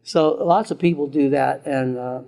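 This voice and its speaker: A man's voice: medium pitch, moderate pace, creaky, dark tone. Older man lecturing with frequent chuckles. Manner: chuckles often, conversational. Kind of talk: recorded classroom lecture.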